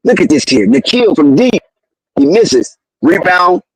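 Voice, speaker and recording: A very high-voiced man calls a basketball game play by play, excitable and slangy. He keeps protesting the referees. His voice is dry and close, with no room sound. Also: a little slow, dry recording, poor audio. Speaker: live game commentator. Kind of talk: fan play-by-play commentary.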